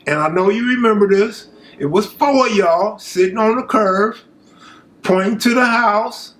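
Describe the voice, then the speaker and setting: Man, higher voice, casual true-story telling, street slang, animated asides. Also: a little slow.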